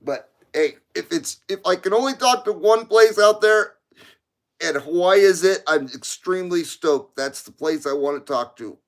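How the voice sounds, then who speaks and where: A middle-aged American man talks on his CB radio livestream in a relaxed, meandering way, his voice sitting a little higher than most men's. He wanders from topic to topic and chuckles at his own remarks. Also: normal speed. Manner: rambling, chatty, laughs at own jokes. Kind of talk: casual livestream chat.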